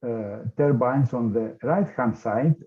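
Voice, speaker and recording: A man giving a technical workshop presentation, pausing often with many filler sounds, heard over a video call. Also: mid-range voice. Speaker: workshop speaker. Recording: tinny phone-like line.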